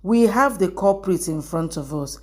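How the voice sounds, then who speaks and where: Vengeful young man read by a woman narrator, low-ish and level, drama recap. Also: expressive, moderate pace, a little mellow. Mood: bitter. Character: angry vengeful young man forcing a wedding.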